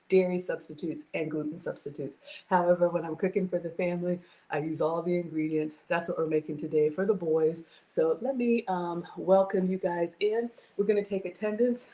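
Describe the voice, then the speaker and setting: A woman's voice: fairly low pitch, mellow. A woman in her forties hosting a casual home cooking livestream from her kitchen, chatty and greeting viewers by name.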